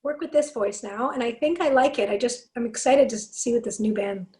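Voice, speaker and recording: A woman with a raspy voice, a singer guesting on a podcast, telling stories excitedly and swearing freely. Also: fairly high pitch, fairly quick. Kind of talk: casual chat.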